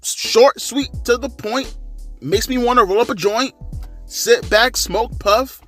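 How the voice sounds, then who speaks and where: A man's voice: very high-pitched, takes it slowly, soft background music. A man in his thirties giving a casual, profane, slangy rant as a wrestling commentary vlogger. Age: 30s. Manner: slangy, animated, crude.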